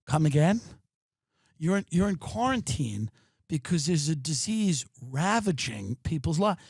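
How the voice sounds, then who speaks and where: Brief: male comic host, fairly high voice, profane animated rant, dry close sound. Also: measured pace, breathy edge, dry recording. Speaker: podcast host. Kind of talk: ranting comedic monologue. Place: his apartment.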